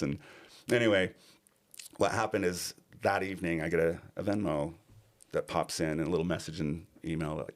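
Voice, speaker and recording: A man's voice: extremely low pitch, brisk. A middle-aged man, a podcast guest, telling a personal story in earnest and acting out other people's lines.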